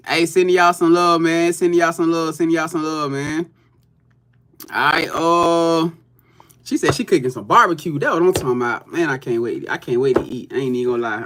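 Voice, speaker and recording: A man's voice: on the high side, fast, noisy background. A man reading tarot on a livestream, talking loose and profane straight to his viewers. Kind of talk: casual livestream chat.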